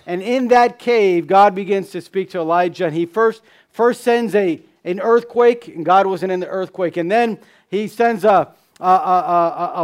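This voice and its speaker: A man preaching a sermon, asking rhetorical questions, repeating key phrases, and dropping from loud emphasis to hushed tones. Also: sits high. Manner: swings between loud emphasis and hushed drops.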